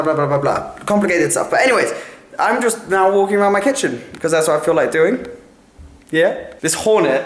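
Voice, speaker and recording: A young Englishman talks into a handheld camera in his kitchen, chatty and quick to get excited, poking fun at himself. His voice sits high for a man. The room gives it a noticeable echo. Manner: chatty, excitable, self-mocking. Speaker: vlogger. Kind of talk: casual vlog chat to camera. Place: home, kitchen indoors. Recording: roomy echo.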